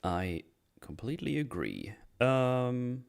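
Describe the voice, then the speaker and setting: A man's voice: mid-range voice, sing-song, slow, gravelly, smooth. A man hosting a podcast, casually recapping a horror film with loose, laughing, sweary storytelling. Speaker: podcast host.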